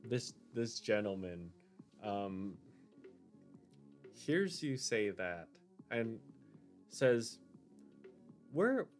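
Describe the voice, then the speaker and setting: A man's voice: fairly low pitch, expressive, very slow, long pauses, soft background music. A man narrating as game master in a tabletop role-playing game, with many fillers and restarts. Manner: hesitant, filler-heavy narration.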